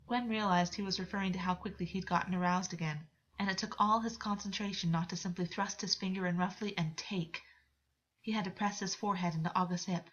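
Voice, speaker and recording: A woman with a fairly low voice gives a steady, measured audiobook reading of fiction. The recording is dull and lo-fi, with a muffled top end. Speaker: audiobook reader.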